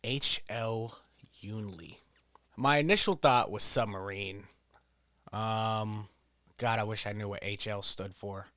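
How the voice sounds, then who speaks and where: A man's voice: lowish voice, slow pace, a bit bright, no room sound. A man giving casual, profane, joking commentary while playing a quiz video game, rambling into stories. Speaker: gameplay streamer.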